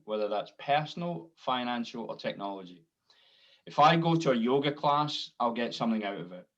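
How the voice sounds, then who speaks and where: A man's voice: medium pitch, muffled recording. A man on an online panel discussion, talking bluntly, swearing now and then and acting out quoted conversations. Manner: blunt, swears, acts out quoted exchanges with laughs. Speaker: panel participant.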